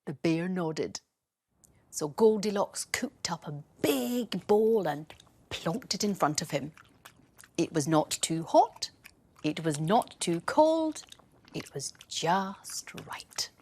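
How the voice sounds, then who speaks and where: A woman reading a bedtime story for children, gentle, soothing and playful. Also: fairly low pitch, big pitch swings, takes it slowly, slightly rough.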